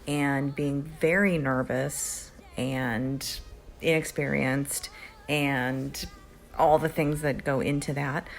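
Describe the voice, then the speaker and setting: A woman's voice: low voice, gravelly. A woman who trained in musical theater tells a wry, self-deprecating tribute story about her old acting teacher. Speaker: former musical theater student. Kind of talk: tribute anecdote.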